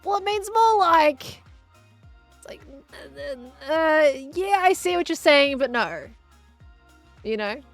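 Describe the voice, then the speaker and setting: A woman's voice: sits high, sing-song, slow pace, pauses often, dry recording. An Australian woman chatting casually while streaming a game and answering chat, with faint music behind her.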